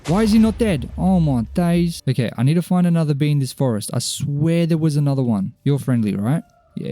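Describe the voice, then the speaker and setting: A young man giving excited commentary on his survival game, gasping, pleading and chatting to his viewers as he plays. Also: medium pitch. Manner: animated, talks to the viewers, gasps and pleads with mobs. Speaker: gaming YouTuber. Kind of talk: excited Minecraft let's-play commentary. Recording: gaming commentary over faint background music.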